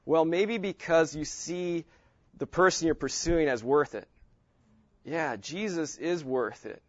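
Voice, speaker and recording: A man teaching how to meditate on Scripture, thinking aloud and stressing single words of a passage as he reads it slowly. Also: a little high, no echo, lo-fi sound. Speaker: Bible teacher.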